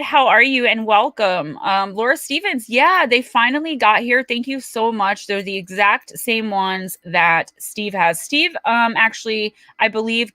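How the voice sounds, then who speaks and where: Middle-aged New woman, livestream host, bright tone, dry close sound, chatty and quick to laugh. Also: medium pitch, dry recording. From Paterson, New Jersey. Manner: chatty, animated storyteller who laughs often. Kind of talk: casual livestream chat.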